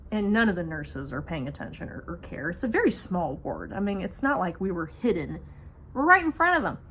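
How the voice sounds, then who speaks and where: Young woman vlogging a storytime, cusses a lot, gets loud and animated, close phone mic. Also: on the low side, brisk, slight background noise. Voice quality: swears freely, animated and emphatic. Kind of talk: storytime monologue.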